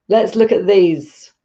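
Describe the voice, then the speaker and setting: Slow-talking woman teaching English. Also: mid-range voice, lo-fi sound. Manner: patient, encouraging, explains step by step. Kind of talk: live online language lesson.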